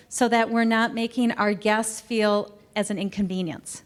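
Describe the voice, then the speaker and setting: A middle-aged woman giving a customer service training talk in a conversational, animated way, acting out quoted exchanges. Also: medium pitch, moderate pace, clear, resonant tone. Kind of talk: training presentation. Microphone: recorded to camera.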